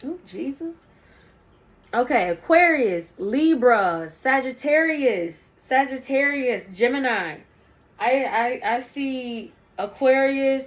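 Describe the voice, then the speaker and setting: A woman's voice: high-pitched, big pitch swings, slow pace, low-quality recording. A young woman giving a casual spiritual card reading to her viewers, chatty and rambling with many ums and asides. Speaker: spiritual reader.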